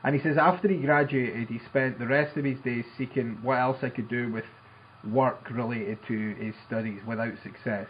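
A man co-hosting a poker podcast. He speaks in a measured, steady way and reads out and sums up a listener's email. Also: mid-range voice, highs cut off, slight background noise. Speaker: podcast co-host. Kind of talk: casual podcast chat and reading listener mail.

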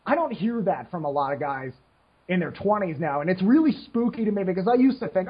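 A man's voice: high voice, lively intonation, brisk, breathy edge, highs cut off. A man in his late twenties on a casual podcast, ranting frankly and rambling with lots of restarts, short on sleep. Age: 20s. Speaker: podcast co-host. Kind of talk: casual rant.

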